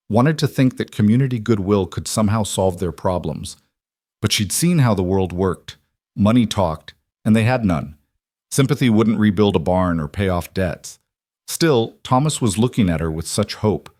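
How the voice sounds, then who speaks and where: A man narrating a western romance story in a calm, even storytelling manner. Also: fairly low pitch, normal speed, no room sound, studio quality. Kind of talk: scripted audiobook narration.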